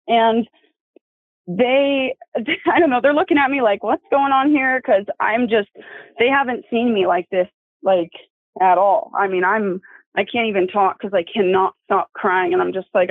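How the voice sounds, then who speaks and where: A woman's voice: medium pitch, dry recording. Tearful young woman on a phone line. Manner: tearful, apologetic, halting, laughs often while soothing her baby. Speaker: guest telling her testimony. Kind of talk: emotional phone interview. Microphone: phone call. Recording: dry tinny phone line.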